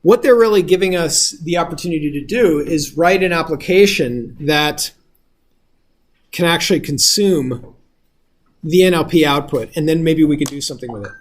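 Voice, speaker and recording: A man's voice: on the high side, moderate pace, slightly rough. A male instructor giving a casual lecture, explaining step by step and often checking if the class follows.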